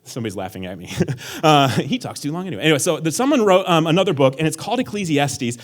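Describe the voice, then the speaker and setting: Joking, animated male pastor. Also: fairly high pitch, quick pace. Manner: joking, sarcastic, conversational with many fillers. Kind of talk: casual sermon. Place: church hall.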